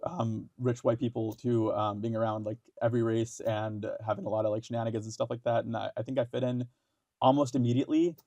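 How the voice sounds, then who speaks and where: Halting, gravelly young man. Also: medium pitch, steady tone, warm tone, no room sound. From India. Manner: halting, many fillers and restarts, swears freely. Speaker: podcast guest. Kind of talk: casual interview talk.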